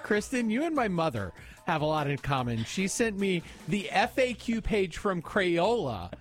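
A man's voice: high voice, very animated, normal speed, over music. A man hosting a morning radio show, bantering playfully with callers and his co-host and laughing easily. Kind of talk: casual on-air banter.

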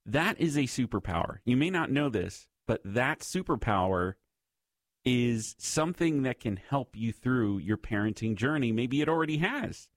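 Lively, expressive male radio host. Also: medium pitch, moderate pace, no echo. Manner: conversational and reflective, speaking to listeners. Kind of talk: faith-based radio talk segment.

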